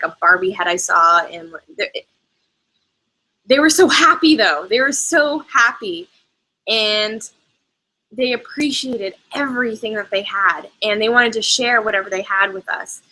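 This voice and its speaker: A woman's voice: mid-range voice, sharp tone, poor audio. A young woman hosting a live travel chat, answering viewers' questions in a chatty, rambling way with frequent asides. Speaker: travel show host.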